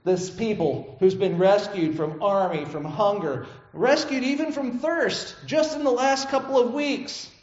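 A man with a high voice preaches a sermon in an easy, conversational manner and keeps checking in with "right?". The room is echoey, and the recording sounds a little dull. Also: a little slow, darkish tone. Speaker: pastor.

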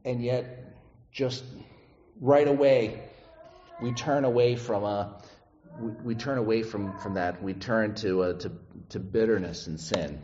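A male pastor giving a conversational sermon, often checking in with his listeners with a quick question. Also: fairly low pitch, warm tone, slight background noise. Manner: conversational, asks the congregation "right?" often. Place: church sanctuary. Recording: echoey church hall, dull lo-fi sound.

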